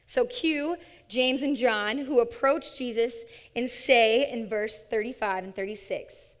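A woman with a fairly high voice leads a sermon before a live audience. She is upbeat and playful, coaxing listeners to join in. Her words trail off in the long reverb of a large hall. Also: slow pace. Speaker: young adult ministry speaker. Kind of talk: interactive sermon.

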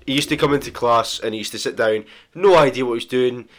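A man's voice: medium pitch, fast talker. A young man co-hosting a podcast, teasing his friend with crude jokes and frequent interruptions while a bit tipsy. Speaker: podcast co-host. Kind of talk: casual chat.

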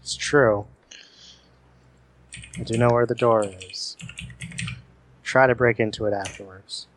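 A man playing a tabletop game, joking and animated as he talks. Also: lowish voice, slow, a little hiss or hum. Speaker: player.

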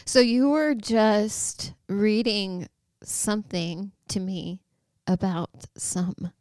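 A woman co-hosting a casual chat podcast, easygoing and quick to giggle. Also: mid-range voice, fairly even intonation, a little mellow, dry recording. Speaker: podcast co-host.

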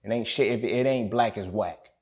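A man with a low-set voice and a gravelly, fry-laced edge pours out an angry, emotional solo podcast rant. He stays emphatic and profane, hammering his points and checking in with the listener again and again. His words hit like a heated talk to friends. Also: a little fast, a little mellow. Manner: emphatic, profane, keeps asking "you feel me". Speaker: podcast host. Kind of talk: impassioned solo monologue.

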